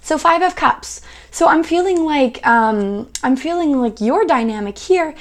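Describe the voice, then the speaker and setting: A young woman with a fairly high voice reads tarot cards in a relaxed, chatty way. She reassures the listener, drops in plenty of fillers and now and then slips into playful quoted voices. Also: unhurried. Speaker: tarot reader. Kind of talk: casual tarot reading to camera.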